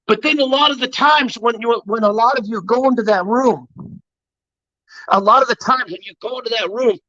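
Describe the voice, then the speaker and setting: A high-pitched man delivering a live-streamed motivational talk. He preaches with emphatic insistence and swears freely. The sound is dry, close and slightly dull, like lo-fi stream audio. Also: bright, forceful tone, no echo. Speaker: motivational livestreamer.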